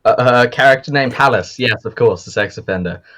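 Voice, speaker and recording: A man's voice: mid-range voice, brisk, a bit bright. A young man narrating as game master, rambling with lots of fillers. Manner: rambling with many fillers and laughs.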